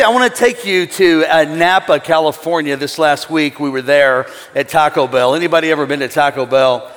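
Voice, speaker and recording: A man preaching a sermon to a live congregation, telling a story in an animated, joking way. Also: fairly high pitch. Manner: storytelling, animated, jokey with the crowd. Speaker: pastor. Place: church auditorium. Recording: large hall with long reverb.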